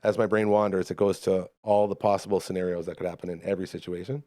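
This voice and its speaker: A man's voice: deep voice, fast talker, dry recording. Laid-back man, dry close mic. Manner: relaxed, slangy, self-deprecating. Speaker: podcast host. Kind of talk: casual chat.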